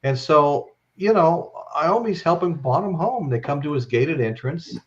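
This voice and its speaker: A man's voice: fairly high pitch, animated, unhurried, muffled recording. A man hosting a live-stream chat, telling stories in a rambling way and ending lines with "okay?". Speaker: host.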